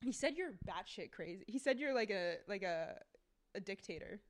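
A young woman chatting casually with friends, excitable and giggly, gushing about things. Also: medium pitch, moderate pace, dry recording. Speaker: friend in a group vlog. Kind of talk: casual chat among friends.

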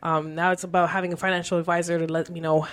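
Woman from Canada, casual chat, emphatic, slangy, fairly low voice. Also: fast. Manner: animated, emphatic, uses slang.

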